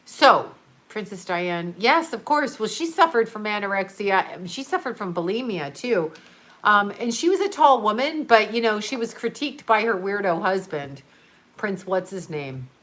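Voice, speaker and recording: A woman's voice: medium pitch, expressive, normal speed, a bit bright. A woman hosting a livestream, chatting casually and rambling, laughing often as she answers viewers. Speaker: livestream host reading chat. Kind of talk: casual chat.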